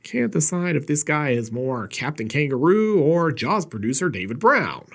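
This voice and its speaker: A man with a husky edge to his voice delivers a sarcastic, wisecracking recap of an old horror film. His pitch swings widely as he jokes. He sounds like a host riffing his way through the plot. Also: sing-song, normal speed, fairly bright tone. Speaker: horror movie reviewer. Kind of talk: comedic movie recap commentary.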